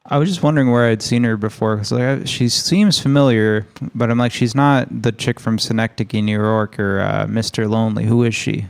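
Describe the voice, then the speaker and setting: Podcast guy, gravelly but smooth, deadpan little jokes. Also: fairly low pitch, a little fast, hardly any pauses. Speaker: podcast co-host. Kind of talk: casual film discussion.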